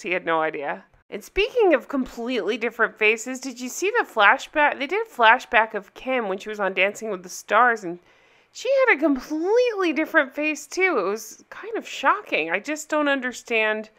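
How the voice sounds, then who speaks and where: A woman's voice: mid-range voice, sharp tone. A woman hosting a reaction video, talking casually with sarcastic disbelief. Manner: sarcastic, incredulous. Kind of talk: casual commentary.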